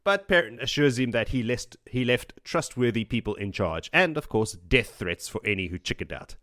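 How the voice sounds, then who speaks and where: A man's voice: mid-range voice, expressive, moderate pace, fairly bright tone, no room sound, studio quality. A man hosting a podcast, recapping a book chapter by chapter in a casual, joking way with frequent laughs. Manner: joking, chatty, laughs often. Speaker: podcast host.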